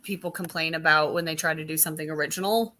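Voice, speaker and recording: A woman's voice: low-pitched, fairly even intonation, fast talker, sharp tone. A woman on a live stream panel, giving frank opinions in a casual chat.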